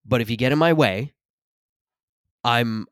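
A man's voice: medium pitch, unhurried, a bit bright, clear, resonant tone, dry recording, clean studio sound. A man in his thirties, hosting a podcast, in a rambling and profane comic rant. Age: 30s. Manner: rambling, profane, self-interrupting. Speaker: podcast host. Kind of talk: comedic solo rant.

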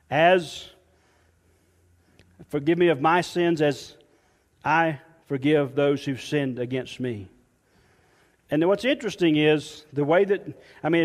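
A man, a pastor, preaching a sermon emphatically and dropping soft and low when quoting scripture. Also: long reverb tail.

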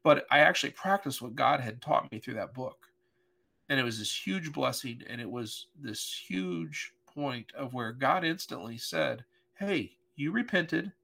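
Middle-aged male pastor, earnest storyteller, bright tone, mid pitch. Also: expressive, measured pace, vocal fry. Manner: earnest, emotional, vivid retelling with voiced quotes. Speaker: pastor, podcast guest. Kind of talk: personal storytelling in conversation.

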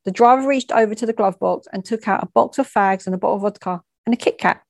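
A woman tells a first-hand story in a frank, plain voice. She adds conversational asides and stumbles now and then. Her pitch sits in the middle, and the sound is dry and close. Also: quick pace, creaky, darkish tone, dry recording.

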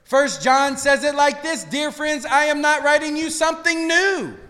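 A male pastor delivers a sermon in a very high, bright voice. He moves between quiet, low passages and loud, shouted peaks. The long reverb of a large sanctuary trails every phrase. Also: normal speed. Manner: preaching with swings between hushed and shouted lines. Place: church sanctuary.

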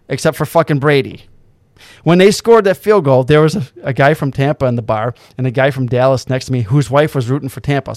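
A man's voice: a little high, no room sound, studio quality. A man telling a story in casual chat, swearing freely and acting out the quotes.

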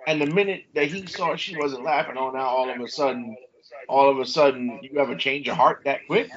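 A man's voice: medium pitch, brisk, a bit bright. A man hosting a casual chat, asking incredulous questions and often repeating himself. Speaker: podcast host. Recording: lo-fi with crowd behind.

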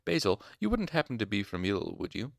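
A man voicing a stern, cutting university master who speaks with sarcastic, mock courtesy. The voice sits low and sounds dry and close. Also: big pitch swings, fast, creaky, no echo. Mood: mock courteous.

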